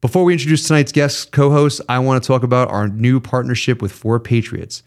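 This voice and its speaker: A man's voice: mid-range voice, brisk. A man hosting a casual podcast, ranting with lots of swearing, then reading sponsor ads. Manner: ranting, profane, animated. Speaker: podcast host. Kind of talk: casual podcast chat and ad reads.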